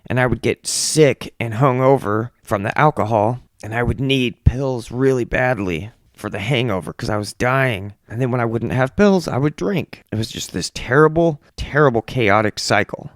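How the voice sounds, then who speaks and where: A man's voice: medium pitch, moderate pace, hardly any pauses, no echo, clean studio sound. A young man hosting a podcast who tells stories in a loose, profane way and acts out the voices of the people in them. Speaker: podcast host. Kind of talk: casual storytelling monologue.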